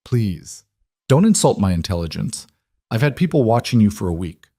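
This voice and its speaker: Smooth menacing mob boss, man reading. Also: fairly low pitch, sing-song, normal speed, dark tone, no room sound, clean studio sound. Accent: faint Italian. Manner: smooth, amused, threatening.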